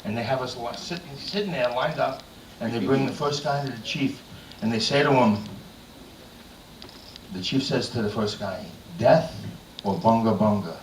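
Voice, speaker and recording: A man's voice: medium pitch, normal speed, pauses often, a little hiss or hum. A man doing a bawdy stand-up set in a comedy club, telling dirty jokes with lots of "I said, he said.". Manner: crude, bawdy joke-telling with frequent "I said, he said". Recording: echoey room, mic far off.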